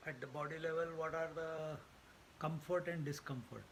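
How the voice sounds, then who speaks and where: A man gives a spiritual talk in a gravelly, fairly high voice. He repeats points for emphasis and chuckles at his own jokes. A faint hum sits behind the recording. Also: fairly even intonation, normal speed, rough recording. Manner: emphatic repetition. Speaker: spiritual teacher. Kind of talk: Vedanta discourse.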